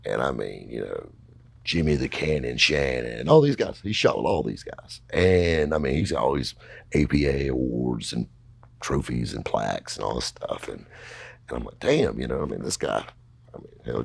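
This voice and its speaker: A man's voice: rumbling low, big pitch swings, normal speed, vocal fry, slightly rough, no echo. A middle-aged man telling a long story casually, rambling and folksy, with lots of fillers. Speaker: podcast host telling a story.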